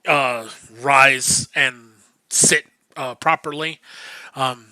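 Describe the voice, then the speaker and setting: A man's voice: medium pitch, steady tone, extremely slow, bright, forceful tone, no room sound. A man narrating a tabletop game as game master, rambling with many ums and uhs. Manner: rambling, full of fillers.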